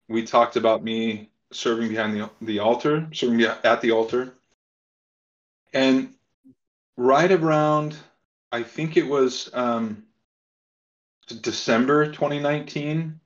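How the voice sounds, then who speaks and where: Soft-spoken man telling a personal story. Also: mid-range voice. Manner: halting, many fillers and restarts. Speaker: podcast guest. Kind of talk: casual storytelling. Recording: slightly dull lo-fi sound.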